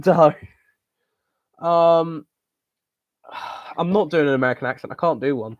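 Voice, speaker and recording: A man's voice: a little high, measured pace, pauses often, dry recording, lo-fi sound. Joking young man hosting a live Q&A. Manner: rambling, many ums, blunt and joking with swearing. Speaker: channel host answering viewer questions. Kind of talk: casual live-stream Q&A.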